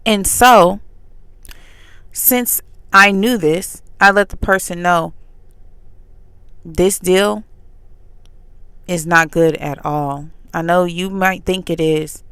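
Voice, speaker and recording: A woman's voice: on the low side, slow, pauses often, a bit bright, smooth, no room sound. A woman vlogger telling a story in a candid, chatty way, with pointed retorts. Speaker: faith vlogger. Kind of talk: casual storytelling monologue.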